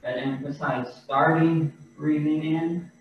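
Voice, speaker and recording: A man teaching a qigong class over a video call, giving slow, calm breathing and movement cues. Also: fairly high pitch. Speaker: qigong instructor. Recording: roomy, distant, dull video-call audio.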